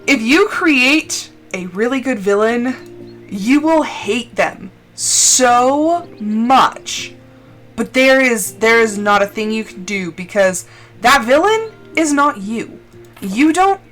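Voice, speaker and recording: A woman streamer chatting casually and expressively while playing a game, full of fillers and quick laughs. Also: a little high, a bit bright. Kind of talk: casual chat while gaming on a live stream.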